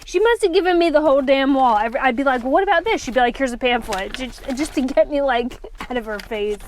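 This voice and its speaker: A woman's voice: high-pitched, quick pace, slight background noise. A woman narrating a casual travel vlog in a chatty, breezy way, with the odd casual swear. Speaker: travel vlogger.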